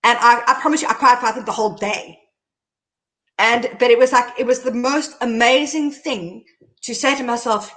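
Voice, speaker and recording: A middle-aged woman, hosting and candidly telling her own story, animated as she recounts events. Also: on the high side, normal speed. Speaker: host.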